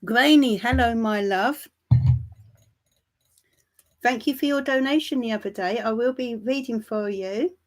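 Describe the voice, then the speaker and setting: A woman hosting a tarot live stream, chatting warmly and calling viewers darling and my love. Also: a little high, measured pace, pauses often. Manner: laughs lightly between remarks. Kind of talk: casual livestream chat greeting viewers.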